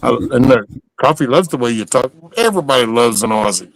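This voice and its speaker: A man's voice: medium pitch, lively intonation, fairly quick, dry recording, poor audio. Joking man, dry close sound. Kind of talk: casual chat.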